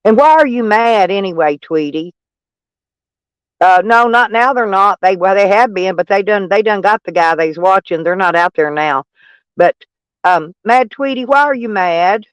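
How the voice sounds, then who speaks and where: Hosting a casual live stream, an Arkansas man with a Southern accent rambles through viewer comments, cracks jokes at his own expense, and breaks into laughs. His voice is high and lively in intonation, fairly bright, clear and resonant, at a moderate pace with no room sound.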